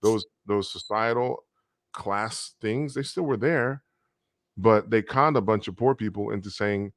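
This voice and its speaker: A man speaking as a guest in an emphatic, animated conversation. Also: on the low side, measured pace, no echo. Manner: emphatic, acts out voices to make points. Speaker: guest artist.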